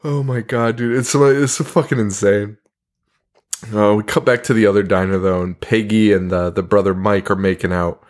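A man co-hosting a podcast in casual chat, animated, laughing often and swearing. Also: on the low side, normal speed. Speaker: podcast co-host.

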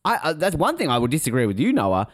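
A man's voice: a little high, huge pitch swings, fast, no echo, clean studio sound. A man co-hosting a podcast in casual chat, rambling and interrupting himself, laughing often. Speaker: podcast co-host.

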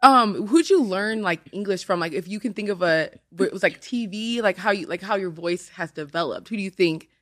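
A woman's voice: mid-range voice, a little fast, hardly any pauses, a bit bright, dry recording. A young woman hosting a casual podcast chat in a studio, chatty and giggly, with lots of filler words. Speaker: podcast host.

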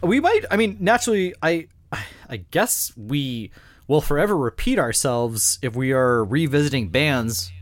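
A man's voice: fairly high pitch, lively intonation, a little slow, dry recording. A man co-hosting a casual music podcast, saying dude and like a lot and swearing. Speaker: podcast co-host.

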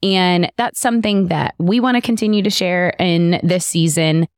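A woman co-hosting a casual faith podcast, talking candidly and earnestly and quickly agreeing with her partner. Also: on the low side, clean tone, no echo, studio quality. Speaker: podcast co-host.

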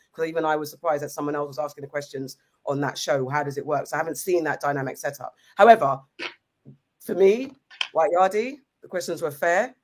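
A woman, co-hosting a podcast in casual, emphatic chat, asking pointed rhetorical questions. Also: deep voice. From England. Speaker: podcast co-host.

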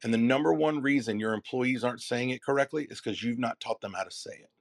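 Male keynote coach, middle pitch, punchy preacher-style emphasis, dry close sound. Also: no room sound. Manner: emphatic, preacher-like cadence with dramatic pauses and repeated phrases. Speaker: keynote speaker and messaging coach. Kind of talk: motivational keynote to a live audience.

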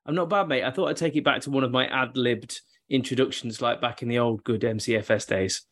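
A man's voice: mid-range voice, brisk, a bit bright. Playful man hosting a podcast. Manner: playful, mock-grand ad-libbing. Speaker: podcast host. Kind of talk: casual podcast banter.

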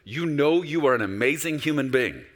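A man preaching a sermon as a pastor, animated and conversational, acting out quoted voices. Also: a little high, moderate pace, big-room sound.

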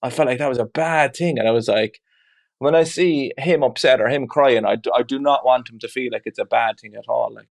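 A man's voice: mid-range voice, fairly quick, vocal fry. A man speaking as a father in an interview, reflective and open, talking candidly with frequent "you know" asides. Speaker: guest; father of two.

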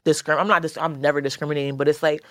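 A woman's voice: sits low, level tone, rapid-fire, dry recording, clean studio sound. A woman rapper, being interviewed, who talks loosely and slangily with lots of "like", restarts and casual swearing. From the Bronx, New York. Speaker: rapper, guest.

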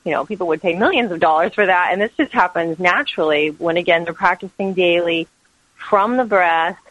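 A woman's voice: lowish voice, a little fast, a bit bright, no echo, rough recording. A woman yoga teacher, a guest in an interview, talking about spirituality in an earnest, flowing way. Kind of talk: interview answers.

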